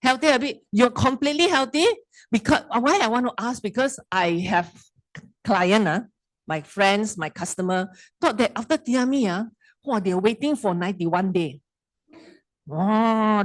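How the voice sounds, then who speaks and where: A woman's voice: medium pitch, moderate pace, dry recording, poor audio. A middle-aged woman with a Malaysian English accent gives a casual wellness seminar talk, chatty and teasing, quizzing the audience. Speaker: wellness presenter.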